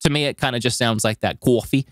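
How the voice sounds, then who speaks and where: A man co-hosting a podcast, telling a travel story in a rambling, animated way with lots of filler words. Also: medium pitch, quick pace, no room sound, studio quality. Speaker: podcast co-host. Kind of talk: casual storytelling chat.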